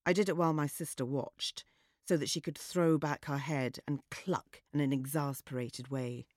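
A woman narrating a story in a measured, wry and understated way. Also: low-pitched, steady tone, darkish tone, no room sound, clean studio sound. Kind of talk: audiobook narration.

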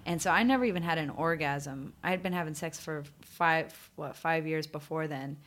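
A young woman tells a personal story in a candid, unfiltered way, swearing freely and dropping plenty of fillers. Her voice sits on the lower side for a woman. She speaks as a podcast host in relaxed, open conversation. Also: moderate pace, slight background noise. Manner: frank, emotional, swears freely, many fillers.

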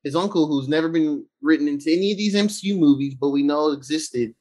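A man in casual conversation, excitedly retelling a movie scene by scene and acting out the characters. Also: a little high, fast. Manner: animated retelling, acts out scenes in voices. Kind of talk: casual movie recap chat.

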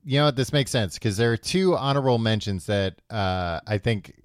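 A man's voice: lowish voice, moderate pace, clear, resonant tone, no room sound, studio quality. A man co-hosting a comedy podcast, casually reading out a list with sarcastic teasing. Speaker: podcast co-host.

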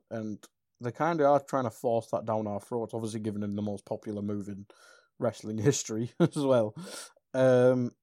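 A man's voice: medium pitch, mellow, no room sound. Guy on a podcast, rambly and sweary, dry close sound. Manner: rambling, swears, trails off with ums. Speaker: wrestling podcast co-host. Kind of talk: casual chat.

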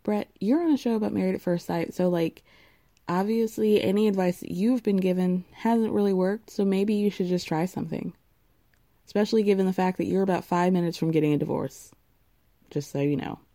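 A woman's voice: mid-range voice, brisk, warm tone, no echo, clean studio sound. A young woman recapping a reality show in casual, sarcastic chat, blunt and swearing freely.

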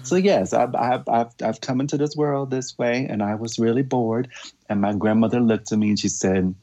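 A man telling stories in casual chat, theatrical and quick to laugh, acting out voices. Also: medium pitch, steady tone, warm tone, lo-fi sound.

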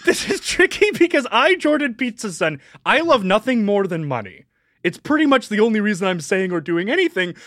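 A woman's voice: mid-range voice, very animated, brisk, a bit bright, dry recording, clean studio sound, pitched below the performer's own voice. A woman voicing a flustered, pompous male pizza delivery man who rambles and panics. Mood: mock-pompous.

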